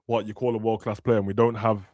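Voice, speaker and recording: A man's voice: lowish voice, flat delivery, quick pace, darkish tone, dry recording, muffled recording. A young man, chatting casually about football and acting out players' words in slangy talk. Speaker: football podcast host. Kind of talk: casual chat.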